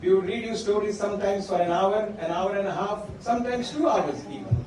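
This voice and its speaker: A man's voice: high voice, slight background noise. A middle-aged man giving a father-of-the-bride speech, telling stories about his daughter and stopping often to say her name. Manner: warm storytelling, pausing to address his daughter by name. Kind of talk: wedding speech. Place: large function hall. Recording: echoey hall from far off, crowd faint. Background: guests laughing.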